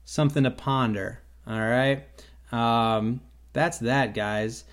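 A man's voice: mid-range voice, fairly even intonation, slow. A man hosting a solo talk show, telling stories in a wry, rambling way with sarcastic asides. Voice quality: stutters on his own name at times. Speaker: podcast host. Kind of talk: casual solo monologue.

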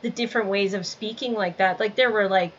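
A woman's voice: mid-range voice, a little fast. A woman interviewer asking thoughtful, encouraging questions in a casual conversation. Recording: slightly dull audio with faint background noise.

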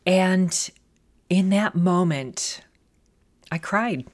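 Middle-aged woman, low voice, motivational storytelling; earnest, reflective, chatty with fillers. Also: very slow, a little mellow. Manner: earnest and reflective, many "you know" fillers. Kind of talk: personal storytelling talk.

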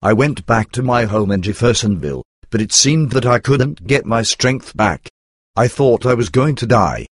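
A man reading a religious testimony aloud in a steady, earnest way. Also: mid-range voice, moderate pace, husky, no room sound, studio quality. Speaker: reader. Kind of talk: scripted narration of a religious testimony.

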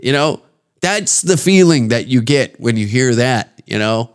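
A man's voice: medium pitch, lively intonation, measured pace, smooth. A man from Canada hosting a podcast, ranting in a crude, rambling comedic way and slipping into put-on voices. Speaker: podcast host. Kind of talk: casual comedic rant.

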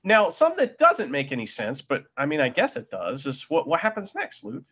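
A chatty man co-hosting a casual podcast. His voice sits fairly high and swings a lot as he recaps matches, slipping into little acted-out asides. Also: wildly swooping pitch, brisk, fairly bright tone, slightly rough. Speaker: podcast co-host. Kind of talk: casual wrestling podcast chat.

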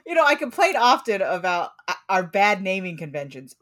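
A woman's voice: medium pitch, big pitch swings, moderate pace, a bit bright. A young woman co-hosting a podcast, joking around playfully in casual chat. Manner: playful, jokey. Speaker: podcast co-host.

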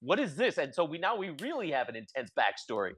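A man's voice: a little high, huge pitch swings, quick pace, a bit bright, slightly rough. A man co-hosting a casual chat show, joking in bro-speak and tagging bro onto his lines. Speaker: podcast co-host.

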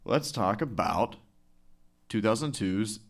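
A man's voice: on the low side, expressive, takes it slowly, gravelly. A man co-hosting a podcast in casual chat, profane and rambling, laughing often. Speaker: podcast co-host.

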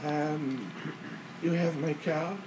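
A man voicing a fussy, flustered townsman who talks haltingly and apologetically. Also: on the high side, fairly even intonation, background noise, pitched above the performer's own voice.

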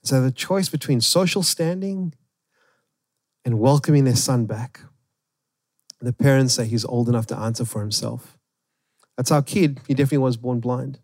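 A man preaching a sermon, retelling a story with animated emphasis. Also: mid-range voice, normal speed, long pauses, no room sound, clean studio sound. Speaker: pastor.

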